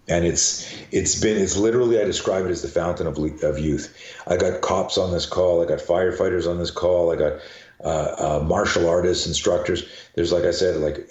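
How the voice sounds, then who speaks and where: A man's voice: deep voice, a little mellow, reverberant, highs cut off. An older man, a self-defense coach, talking in a casual interview, chatty and restarting words as he thinks. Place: garage.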